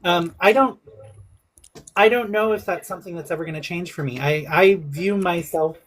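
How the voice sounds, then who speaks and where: A caller on a live stream who speaks hesitantly, with many pauses and fillers. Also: medium pitch. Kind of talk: casual live-stream chat.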